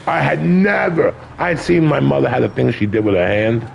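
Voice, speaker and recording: A man's voice: medium pitch, lively intonation, a little fast, gravelly, highs cut off. An older man telling stories in a casual interview, colorful and profane, acting out other people's lines. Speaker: guest. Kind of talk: casual storytelling.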